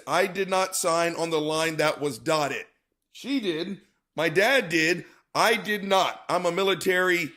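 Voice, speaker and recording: Chatty co-host with a high voice, rambling profane story to his audience. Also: fairly bright tone. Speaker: show co-host. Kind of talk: casual monologue to viewers.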